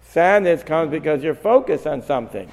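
A man's voice: a little high, lively intonation, normal speed, creaky, darkish tone. Man teaching with long hall echo. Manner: thinking aloud, questioning and restarting often. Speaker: Torah teacher. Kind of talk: Talmudic-style study lesson.

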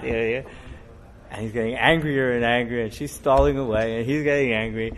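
A middle-aged man, a rabbi, giving a storytelling sermon in a conversational, digressive way that grows animated as the story builds. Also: medium pitch, normal speed, a little hiss or hum.

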